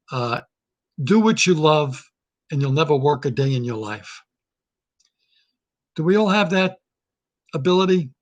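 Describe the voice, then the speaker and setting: A man with a slightly high voice gives a casual comedic monologue. He muses in a folksy way and keeps asking his listeners rhetorical questions. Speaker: comedian hosting a weekly talk segment.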